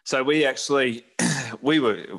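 A man's voice: medium pitch, measured pace, fairly bright tone. A man in his thirties from New Zealand, casually telling a travel story with lots of fillers and restarts.

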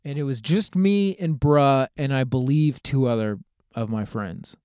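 A young man, telling a comedic story on his podcast in a rambling, profane, animated way. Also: mid-range voice, a little slow, clear, resonant tone, no echo, clean studio sound. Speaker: podcast host.

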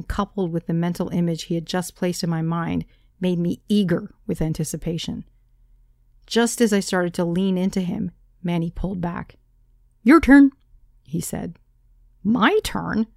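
A woman reads her own memoir aloud, candid and self-deprecating in tone. Her voice sits somewhat low, with a gravelly edge, and the recording is close and dry. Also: dark tone, dry recording. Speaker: narrator. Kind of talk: first-person memoir reading.

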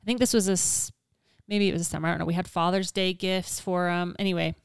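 A woman's voice: on the low side, fairly even intonation, fast, gravelly, clean tone, no room sound. Dry-voiced woman, laughing storyteller. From Utah. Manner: laughs often, storytelling, self-mocking. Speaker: podcast co-host. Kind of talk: casual chat.

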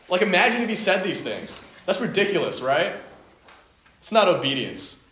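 Earnest youth preacher who stacks repeated phrases. Slightly high voice, echoey room. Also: male voice, sing-song, normal speed, fairly bright tone. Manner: earnest, emphatic, builds lists and repeats phrases. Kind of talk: sermon. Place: indoor home fellowship meeting. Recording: echoey room, faint noise.

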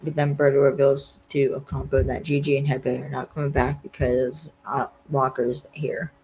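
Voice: medium pitch, little pitch movement, normal speed, a little mellow, slight background noise, rough recording. A podcast host casually recapping a TV episode, rambling with lots of fillers and acting out the characters' lines. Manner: rambling, lots of "like", acts out quotes.

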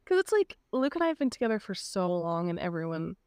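A young woman co-hosting a casual podcast chat, animated and acting out what others said. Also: fairly low pitch, fast, clean tone, no room sound, studio quality. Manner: animated, acts out quoted voices. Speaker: podcast co-host.

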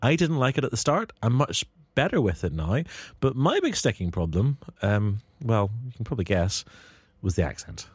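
A man's voice: medium pitch, normal speed, breathy edge, dry recording. Brief: Northern Irish male host, joking through a film chat, close dry mic. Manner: jokey, animated, lots of fillers. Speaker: podcast host. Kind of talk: casual film discussion.

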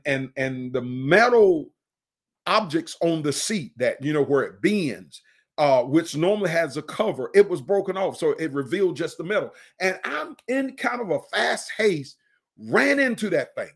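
A middle-aged man preaching in a podcast, earnest, often repeating and restarting phrases and slowing down to stress a point. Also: fairly high pitch. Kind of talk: conversational podcast sermon.

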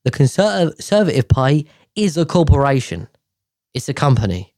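A man's voice: fairly high pitch, sing-song, moderate pace, darkish tone, no echo, studio quality. A man hosting a casual monologue, chatty and rambling, correcting himself as he goes. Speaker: host.

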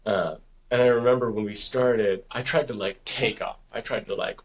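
Speaking at a moderate pace with a steady tone, a man with a lowish voice co-hosts a podcast and meanders through a story. It's loose and profane, packed with "like" and "dude."

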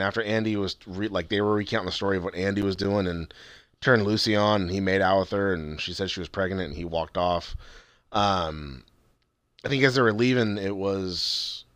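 A man's voice: deep voice, fairly bright tone, clean tone, no echo. A man co-hosting a casual podcast, recapping a TV episode with lots of swearing and acted-out quotes. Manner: swears often, retells scenes in acted quotes. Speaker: podcast co-host.

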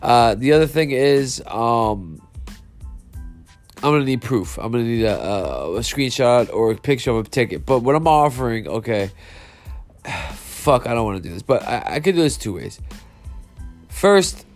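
A man's voice: mid-range voice, expressive, moderate pace, pauses often, soft background music. A man with a stuffy nose hosting a sports betting podcast, reacting to a game and apologizing, frustrated and profane. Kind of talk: live reaction and apology monologue.

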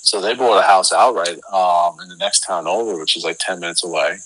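Low, bright-voiced man telling a story. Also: brisk, breathy edge, low-quality recording. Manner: rambling, filler-heavy, animated retelling. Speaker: interview guest. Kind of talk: casual storytelling.

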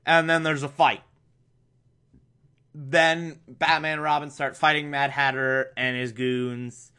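A man's voice: fairly high pitch, level tone, slow pace, sharp tone, smooth. A man giving a comedic recap of a cartoon episode, sarcastic and prone to exasperated rants. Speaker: show recap host.

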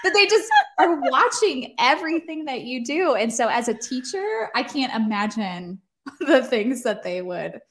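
Chatty woman co-host, a little high-pitched, laughs easily. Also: sing-song, unhurried. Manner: chatty, laughs often, many fillers. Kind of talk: casual chat.

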